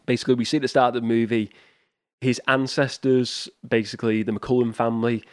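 A man's voice: mid-range voice, flat delivery, brisk, no echo. Man, podcast host, casual rambling chat, chuckles, mid-range voice, dry close sound. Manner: rambling, with frequent restarts and chuckles. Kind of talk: casual solo podcast chat about movies.

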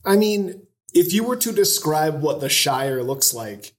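A man's voice: on the high side, expressive, measured pace. A man co-hosting a casual podcast chat, enthusiastic and rambling with lots of fillers. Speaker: podcast co-host.

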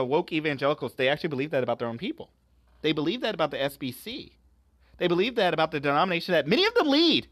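A man's voice: a little high, fairly bright tone, dry recording. A man hosting a podcast, giving religious and political commentary with emphatic rhetorical questions.

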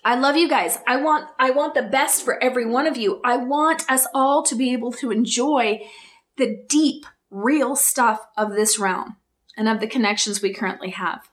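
A woman's voice: fairly high pitch, fairly bright tone. A woman hosting her own podcast, talking straight to her listeners with rhetorical questions, earnest and openly emotional. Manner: earnest, emotional, speaks in slow emphatic bursts. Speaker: podcast host. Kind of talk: heartfelt solo podcast talk.

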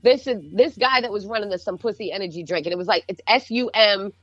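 A woman with a Boston accent, a DJ telling animated, profane stories in a casual podcast chat. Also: mid-range voice, quick pace, no room sound, dull audio. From Boston North Shore. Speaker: DJ guest.

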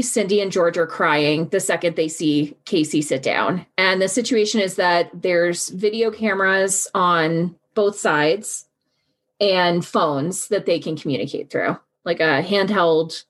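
A woman hosts a true crime podcast in a fairly low voice at a measured pace. She tells the story casually and bluntly, swearing, speaking her mind, and quoting the voices of the people involved.

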